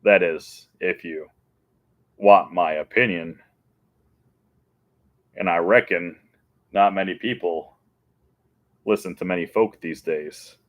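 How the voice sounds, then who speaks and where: A man putting on a slow, drawling impression of an old cowboy film star animatronic, speaking in a low voice. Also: fairly even intonation, narrow, tinny audio. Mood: laconic.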